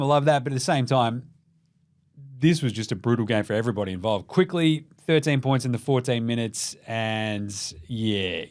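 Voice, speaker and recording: A young Australian man hosting a casual, sweary basketball recap, joking and putting on mock voices of players. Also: mid-range voice. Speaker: basketball podcast host.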